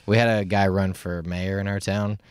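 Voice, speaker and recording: Young male podcast host, lowish voice, laid-back, dry studio mic. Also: flat delivery, moderate pace, clean tone, no echo. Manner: laid-back, frequent agreeing and laughing. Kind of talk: casual podcast chat.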